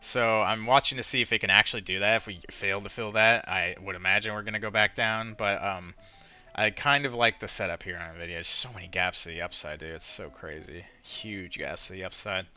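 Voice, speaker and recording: A man's voice: on the low side, fairly even intonation, fairly quick, sharp tone, clear, resonant tone, muffled recording, faint music behind. A man recapping his day of trading in a casual, frustrated rant, swearing and restarting his sentences often.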